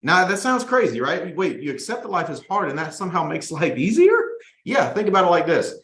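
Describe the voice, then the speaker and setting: A man leads his sales team in a weekly motivational talk, delivering it with high energy and slipping into whiny mock voices of complainers. His voice sits fairly high for a man. The studio around him gives a roomy, echoing sound. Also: big pitch swings, brisk, fairly bright tone. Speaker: host and sales team leader.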